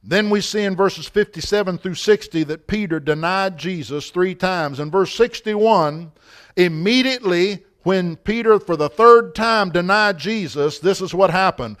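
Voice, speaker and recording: Man, pastor, impassioned sermon, resonant voice, high pitch. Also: unhurried. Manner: impassioned, emphatic storytelling preaching with repetition. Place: church service.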